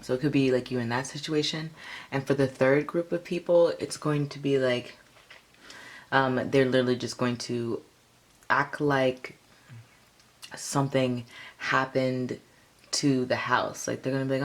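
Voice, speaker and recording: A woman's voice: very deep voice, fairly even intonation, normal speed. A woman giving a casual tarot reading, rambling with lots of fillers. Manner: rambling, filler-heavy, chatty. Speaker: tarot reader.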